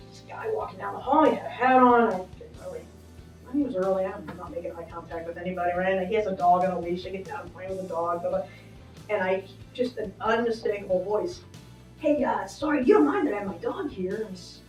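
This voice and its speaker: A chatty, upbeat middle-aged woman talks casually with plenty of fillers. Her voice sits at an ordinary pitch and is picked up from a little way off. A big echoey backstage space rings around her, with faint music underneath. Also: a little mellow, far from the mic. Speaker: arena manager giving a backstage tour. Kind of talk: casual walking interview. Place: backstage in a large indoor arena.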